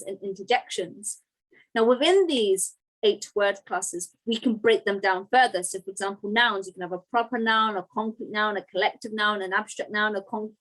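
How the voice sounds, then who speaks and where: A woman teaches a grammar lesson in a fairly high voice. She breaks ideas down patiently and keeps checking in with quick "right?" and "okay" asides. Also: a bit bright, low-quality recording.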